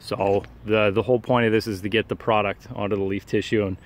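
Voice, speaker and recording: A man's voice: on the low side, flat delivery. Man with a nasal cold voice. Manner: halting, many "uh" fillers, practical and matter-of-fact. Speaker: turf care professional vlogger. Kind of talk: casual how-to walkthrough. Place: outdoors in a yard and at the pump.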